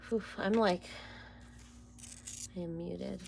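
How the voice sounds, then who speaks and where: Emotional woman with a gravelly voice. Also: fairly low pitch, fairly even intonation, takes it slowly, noisy background. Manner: emotional, rambling, drops into whispers. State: near tears. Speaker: tarot reader. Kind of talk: casual tarot reading to camera.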